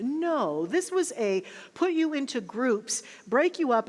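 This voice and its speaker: A woman minister giving a sermon, telling personal stories in an animated, self-mocking way. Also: medium pitch. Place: church sanctuary. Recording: long hall reverb.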